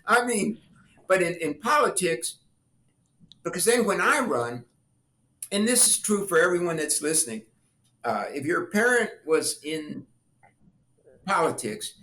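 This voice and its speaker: A man's voice: a little high, unhurried, long pauses, echoey room. An older man, a former congressman, telling family stories in an interview and acting out the voices of the people in them. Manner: animated storyteller acting out quoted voices, laughing. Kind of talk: storytelling interview talk.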